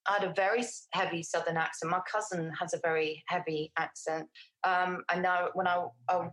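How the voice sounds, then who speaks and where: A middle-aged woman from England chats as an interview guest in a slightly low voice. She rambles, restarts her sentences and fills pauses with little fillers. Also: fairly even intonation, fairly bright tone, low-quality recording. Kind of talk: casual interview conversation.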